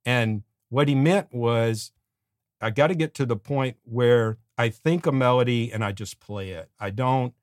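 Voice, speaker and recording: Animated middle-aged man, dry close sound. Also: mid-range voice, unhurried, no echo. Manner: animated, sings melody fragments, acts out quotes. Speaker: podcast co-host and songwriting teacher. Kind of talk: casual conversational advice.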